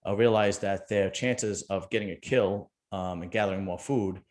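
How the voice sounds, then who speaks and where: A man's voice: fairly low pitch, steady tone, normal speed, a little mellow. A middle-aged man, hosting a casual chat and telling a rambling, joking story. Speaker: podcast host.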